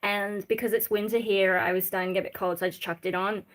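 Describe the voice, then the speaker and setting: A woman's voice: mid-range voice, steady tone, fast. An Australian woman from Sydney, a streamer who rambles while reading chat comments aloud and answering them. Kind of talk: casual live-stream chat.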